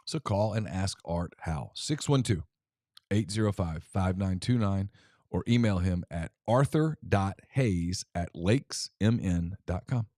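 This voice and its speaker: A man co-hosting a sports talk show, reading sponsor ads and chatting in a relaxed way, with fillers. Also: low-pitched, a little slow, no room sound, studio quality. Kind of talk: live ad reads and casual chat.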